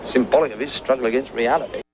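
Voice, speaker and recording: A man playing a skeptical, sharp-tongued male revolutionary in an old comedy film, with a dry, sardonic manner. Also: medium pitch, fast, faint music behind, lightly acted, rough recording. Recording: old film clip with faint hiss.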